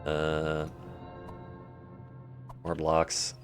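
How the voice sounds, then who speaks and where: A man's voice: a bass voice, monotone, very slow, soft background music. A young man streaming a game live, rambling and joking to himself and to his chat. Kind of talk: casual live-stream commentary.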